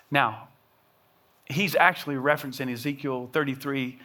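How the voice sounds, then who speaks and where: A man's voice: fairly high pitch, moderate pace, a bit bright. A middle-aged man preaching a sermon as pastor, earnest and building to impassioned emphasis, often restarting words as he pushes a point.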